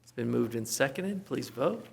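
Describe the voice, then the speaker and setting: A man presides over a district board meeting, reading through agenda items briskly and with dry humor. His voice sits in the middle range. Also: medium pitch, expressive, vocal fry, a little mellow, husky. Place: council chamber.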